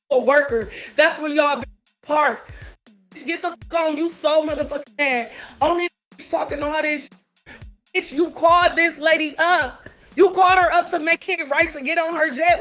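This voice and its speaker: A woman's voice: sits high, a bit bright. A woman scolding and mocking someone in a profane, angry rant.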